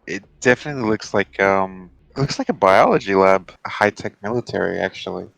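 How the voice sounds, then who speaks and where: A man playing a tabletop game, speaking hesitantly with many pauses. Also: low voice, creaky, a bit bright, no echo, low-quality recording. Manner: hesitant, halting. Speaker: player.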